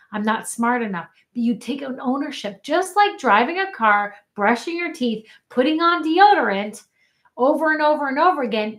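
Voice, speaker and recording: A woman's voice: fairly high pitch, a bit bright. A woman life coach giving an earnest live teaching, often calling out questions to her audience. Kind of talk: live online coaching talk.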